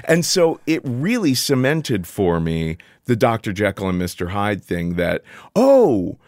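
A middle-aged man with a fairly low voice tells a personal story in a relaxed podcast chat. His pitch swings widely and leaps up whenever he acts out what he once said. The sound is dry and close, with no room echo. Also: measured pace. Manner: animated, jumps in pitch when quoting himself. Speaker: podcast guest. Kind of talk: casual storytelling conversation.

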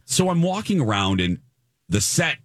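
A middle-aged male talk show host spins a story in a chatty, animated way, with laughs breaking through. His voice sits in an ordinary middle range, and the recording is dry and close, with no room sound. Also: medium pitch, normal speed, dry recording. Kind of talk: casual on-air storytelling.

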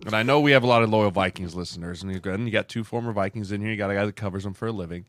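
A man's voice: fairly low pitch, very fast, fairly bright tone, dry recording. A man co-hosting a sports podcast, making his case in casual chat, tossing in "right?" as he builds each point.

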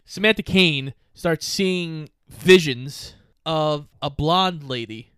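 A man's voice: on the high side, slow pace, a bit bright, clear, resonant tone, dry recording, studio quality. A young man co-hosting a podcast, casually summarizing a movie plot in an easygoing way. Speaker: podcast co-host. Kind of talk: casual movie recap chat.

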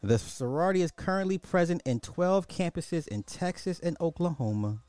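Incredulous man with a lively voice. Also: on the high side, normal speed, no echo. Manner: incredulous, repetitive, rhetorical questions; addresses listeners as y'all. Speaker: podcast host. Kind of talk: social commentary reacting to clips.

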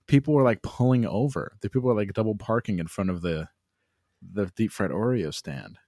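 A man's voice: on the low side, brisk, dry recording, clean studio sound. A young adult man co-hosting a casual comedy podcast, telling stories with acted-out voices and plenty of swearing. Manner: animated storyteller, acts out voices, swears freely. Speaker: podcast co-host.

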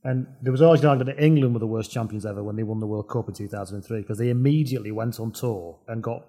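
A man's voice: fairly low pitch, very fast, warm tone. A man co-hosting a podcast, telling wry rugby stories in casual chat. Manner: wry storytelling, laughs at his own jokes. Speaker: podcast co-host.

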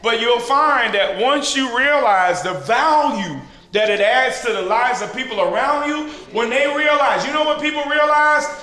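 A man preaching at a leader training, teaching through call-and-response and building to shouted peaks. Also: very high-pitched, normal speed, hardly any pauses. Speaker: pastor leading a leader training. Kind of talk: sermon-style teaching. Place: large church hall with an audience. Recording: echoey hall with crowd responses.

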